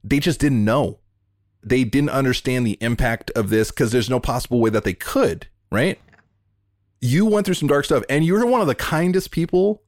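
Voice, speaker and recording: A man hosting a podcast interview over a remote call, talking in an earnest, heartfelt way and in quick bursts. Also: medium pitch, lively intonation, no echo, clean studio sound. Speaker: podcast host. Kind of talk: emotional interview conversation.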